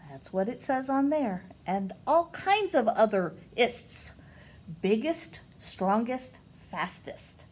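A middle-aged woman teacher reads to small children in a high, slow and breathy voice. Her pitch climbs and dips in wide swings, and every question rises up high. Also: sing-song, darkish tone. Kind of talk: reading picture books aloud to children.

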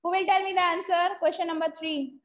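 A woman teacher with an Indian English accent, giving an online grammar class and dictating example sentences slowly, mixing in short Hindi asides. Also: very high voice, fairly even intonation. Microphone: video call. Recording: slightly dull lo-fi video call audio.

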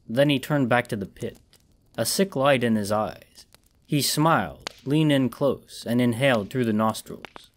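A man narrating a horror audiobook in a steady, measured storytelling voice. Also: mid-range voice, slight background noise.

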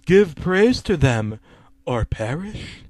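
A man doing a slow, demented demonic villain. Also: fairly high pitch, very animated, a little mellow, dry recording. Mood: menacing. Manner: slow, drawn-out menacing delivery. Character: demented demonic male cartoon villain, menacing.

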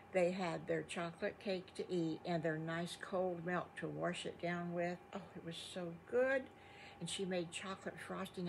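A woman's voice: on the low side, creaky, a little hiss or hum. A grandmotherly older woman spinning a made-up bedtime story, folksy and chatty. She talks straight to the children, slipping in little asides along the way.

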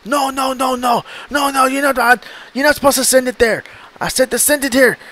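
A man voicing an exasperated male scammer who shouts and repeats himself. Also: extremely high pitch, fairly even intonation, moderate pace, voice pushed up, exaggerated voice.

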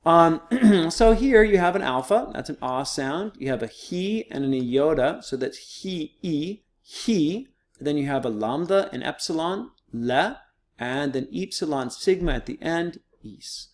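A man's voice: a little high, expressive, a little slow. A man teaching a recorded online lesson, explaining step by step in a casual, patient way with frequent fillers.

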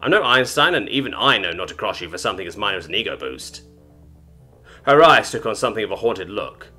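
Man, story narrator, wry and casual, bright, animated intonation. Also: fairly low pitch, quick pace, breathy edge, soft background music. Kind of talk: first-person sci-fi story narration.

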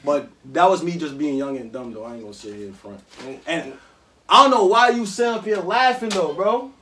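A young man with a Jamaican and New York accent, hosting a casual group chat, animated and slangy, laughing with his friends. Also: fairly high pitch, brisk, recorded from a distance. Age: young adult. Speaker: host.

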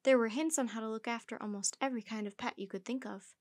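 A woman storyteller reading a children's book aloud in a gentle, even narration. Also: on the high side, fast talker, no echo, clean studio sound.

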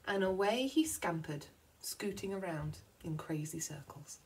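A woman teacher reading a picture book aloud to children, slowing down for effect. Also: on the low side, slight background noise, low-quality recording. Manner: expressive storytelling, slowing for effect.

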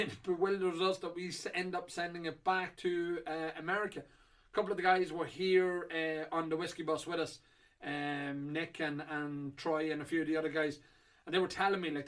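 Guy rambling about auction lots, kinda high voice, lots of ums. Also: fairly bright tone. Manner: rambling and chatty with many fillers. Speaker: whiskey auction host. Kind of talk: casual chat previewing auction lots.

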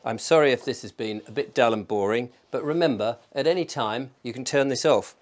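A man's voice: mid-range voice, fairly quick. A man from England chatting casually through a home cooking vlog, thinking aloud and making fun of himself. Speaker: vlogger. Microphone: microphone in a room.

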